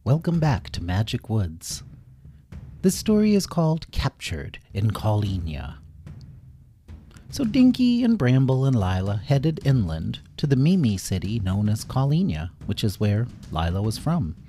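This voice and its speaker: Lively-pitched male children's storyteller. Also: a little slow, slight background noise.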